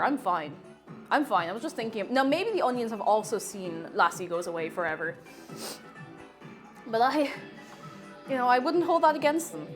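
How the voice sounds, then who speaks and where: A woman streamer chatting casually while cooking, rambling through deadpan absurd jokes. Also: fairly high pitch.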